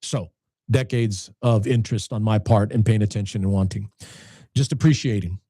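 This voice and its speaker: Host in his late fifties, casual and meandering, with a warm low-key tone and a dry sound. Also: moderate pace, dry recording. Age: 50s. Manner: rambling, many restarts and repeated words. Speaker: channel host. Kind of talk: casual talk to camera.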